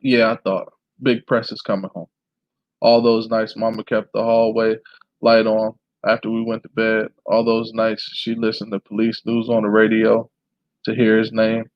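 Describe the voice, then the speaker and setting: A man reading a memoir aloud in a plain, steady way, now and then clearing his throat. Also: lowish voice, moderate pace, dry recording, highs cut off. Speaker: reader.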